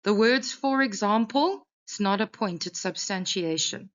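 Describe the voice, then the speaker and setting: A woman's voice: medium pitch, lively intonation, measured pace, muffled recording. A woman English teacher giving an exam revision lesson, talking a class through a text and often checking in with "okay".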